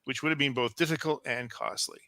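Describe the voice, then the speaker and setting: A man co-hosting a podcast, reading out trivia facts in a steady, informative way. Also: mid-range voice, fairly quick, vocal fry, no room sound. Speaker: podcast co-host presenting trivia.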